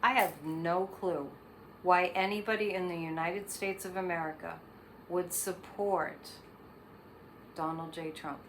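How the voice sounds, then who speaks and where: A woman's voice: fairly low pitch, steady tone, unhurried, fairly bright tone, a little hiss or hum. A woman hosting her own show, giving psychic readings in a rambling, casual monologue full of fillers and restarts. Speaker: psychic host.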